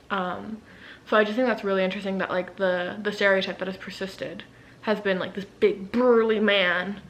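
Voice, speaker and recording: A woman author talking casually to camera as she recaps a novel, rambling and enthusiastic, with plenty of fillers and the odd hushed aside. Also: medium pitch, low-quality recording. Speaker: author and book vlogger. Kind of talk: casual book summary chat.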